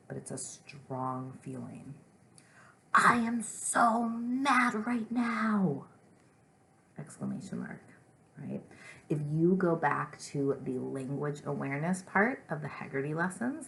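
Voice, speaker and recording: Woman teacher, low voice, slight vocal fry, patient lesson for small kids, faint hiss behind. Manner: gentle, patient, exaggerated expressive reading of example sentences. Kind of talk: remote lesson for young children.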